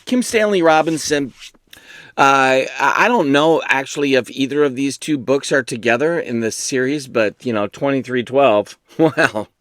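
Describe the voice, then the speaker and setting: A man's voice: mid-range voice, dry recording, clean studio sound. A man hosting a book video, rambling and joking at his own expense in casual chat. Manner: rambling, self-mocking and jokey. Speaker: booktube host.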